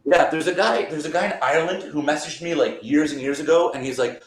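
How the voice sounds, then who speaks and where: A man's voice: on the high side, fast. Laid-back man rambling in a roomy space. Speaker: guest magician. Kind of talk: casual interview chat. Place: borrowed rental apartment. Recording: roomy echo.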